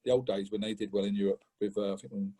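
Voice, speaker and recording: A middle-aged man from England, a podcast guest telling an animated story in casual chat, often laughing and acting out what others said. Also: quick pace, breathy edge. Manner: animated, laughing, acts out quotes with rising pitch.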